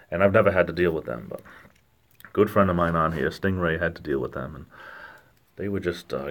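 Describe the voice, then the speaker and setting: A man with a Rhode Island accent, casually chatting and joking with viewers on a livestream in a rambling, halting way. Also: low-pitched. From lower New England, Rhode Island–Massachusetts border. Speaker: livestream host reading chat.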